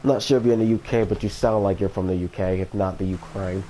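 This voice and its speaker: A man's voice: low voice, fairly even intonation, quick pace, warm tone, a little hiss or hum. A man from Florida chatting casually on a livestream, rambling and hesitant, with many fillers and restarts. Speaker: streamer.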